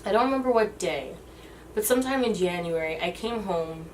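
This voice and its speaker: A woman in her twenties telling a personal story in a halting, emotional way, often restarting her sentences. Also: mid-range voice, animated, recorded from a distance, slight background noise. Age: 20s. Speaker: vlogger.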